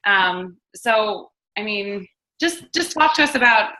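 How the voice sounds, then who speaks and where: A woman hosts a casual video-call chat, her voice bright and forceful. She prompts her guest in a chatty way, and the echoey room rings around her. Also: mid-range voice, lively intonation, slow. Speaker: host.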